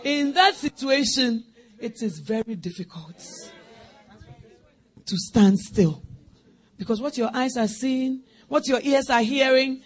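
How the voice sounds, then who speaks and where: High-voiced woman preaching dramatically. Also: animated, normal speed, pauses often, slightly rough. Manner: dramatic, acts out scenes, swings from shouts to hushed whispers; laughs often while preaching. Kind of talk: sermon.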